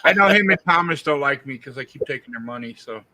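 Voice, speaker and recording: A man's voice: medium pitch, lively intonation, fast, pushed and bright, no echo. A man taking part in a casual live-stream chat, teasing in a dry way.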